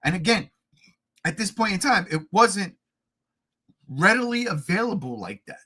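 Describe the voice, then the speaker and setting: A man hosting a casual podcast chat, excitable and profane, often laughing and shouting. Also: sits high, moderate pace, husky. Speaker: podcast host.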